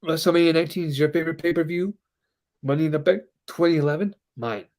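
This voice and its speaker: A man's voice: on the high side, quick pace. A man in his twenties co-hosting a casual wrestling chat, telling stories and acting out quotes. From Denver, Colorado. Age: 20s. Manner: animated storyteller, acts out quotes. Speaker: podcast co-host.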